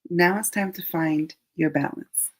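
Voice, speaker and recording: Woman, live card reader, slow, husky, chatty and reassuring. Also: on the low side, steady tone, low-quality recording. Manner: chatty and gently reassuring, drops into soft asides. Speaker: angel card reader hosting a live stream. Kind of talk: live-streamed card reading.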